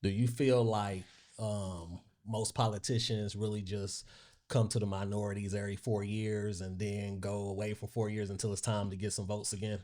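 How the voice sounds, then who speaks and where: A man hosting a podcast, asking questions in a relaxed way and answering with short okays. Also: fairly low pitch, normal speed. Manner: relaxed questioning with "um" and "okay" acknowledgments. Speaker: podcast host. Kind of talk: casual interview questions.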